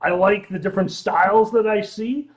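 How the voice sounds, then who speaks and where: A tipsy man co-hosting a drinking livestream, loud and excitable and swearing freely. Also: high voice, moderate pace, low-quality recording. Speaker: livestream co-host. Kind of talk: casual drinking livestream chat.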